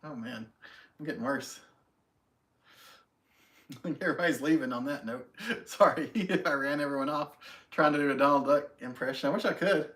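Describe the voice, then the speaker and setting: Speaking fast in a fairly high, somewhat bright voice, this man runs a laid-back home live stream. He calls out viewers by name and chats warmly about their comments, often poking fun at himself.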